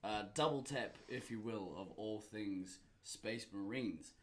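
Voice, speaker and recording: A man's voice: fairly low pitch, slow pace. A man hosting a casual podcast, laid-back and laughing with the panel, swearing freely. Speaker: podcast host.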